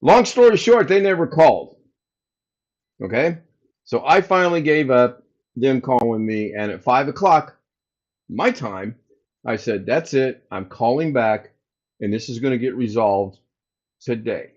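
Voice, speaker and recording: An American man hosts a casual livestream from home, telling his live chat a story and playing both sides of a phone call. His mid-range voice is expressive and a little mellow, a bit slow with frequent pauses, and the lo-fi sound is slightly dull.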